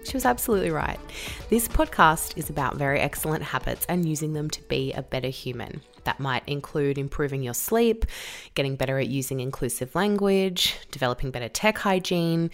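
A woman hosting a podcast, introducing her guest and chatting in an upbeat way. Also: low voice. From Australia. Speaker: podcast host. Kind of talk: podcast interview.

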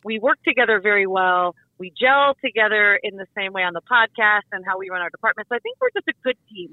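A woman's voice: mid-range voice, expressive, quick pace, few pauses, dry recording. A woman co-hosting a podcast, chatting in an upbeat, playful way. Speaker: podcast co-host. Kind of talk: casual chat. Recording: tinny phone-like line, dry.

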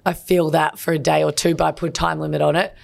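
Woman, low gravelly voice, podcast co-host, candid, heartfelt, casual chat. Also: level tone, fast talker. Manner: candid, emotional, personal storytelling. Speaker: basketball player.

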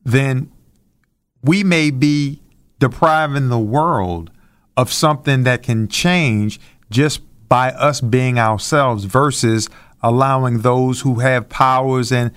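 A man's voice: medium pitch, no echo. A man co-hosting a call-in talk show, talking in an earnest, reflective and somewhat preachy way.

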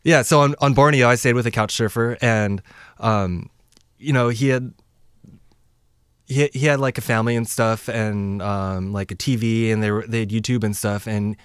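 A man's voice: lowish voice, steady tone, normal speed, a bit bright, clear, resonant tone, no room sound, clean studio sound. A man from the United States casually recounting his travels, rambling with many fillers and acting out dialogue. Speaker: traveler sharing stories. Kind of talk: casual chat.

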